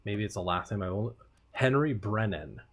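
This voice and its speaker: A man's voice: lowish voice, lively intonation, moderate pace. A man streaming a video game, thinking aloud and musing in casual commentary.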